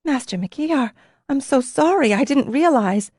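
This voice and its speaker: A woman voicing an earnest young weyrwoman girl who speaks eagerly and exclaims quickly. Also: high voice, expressive, a little mellow, husky, no echo, clean studio sound, pitched above the performer's own voice.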